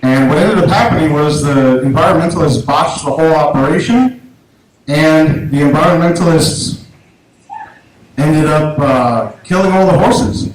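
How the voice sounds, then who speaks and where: Halting man doing stand-up in an echoey club. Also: mid-range voice. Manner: halting, self-deprecating delivery with many restarts. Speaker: stand-up comedian. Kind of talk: stand-up comedy set. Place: small comedy club. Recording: echoey club room, audible noise, poor sound.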